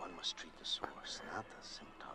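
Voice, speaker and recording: An actor voicing a sinister male guide in a horror video game, calm and ominous, speaking in a gravelly half-whisper. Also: rumbling low, normal speed, soft background music, full character voice.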